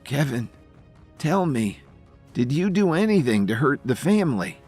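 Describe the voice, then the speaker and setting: A man's voice: mid-range voice, very animated, brisk, soft background music, pitched above the performer's own voice. A man voicing a weak, beaten father who speaks in pained, faint pleas in an audio drama. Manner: pained, faint, breathy pleading.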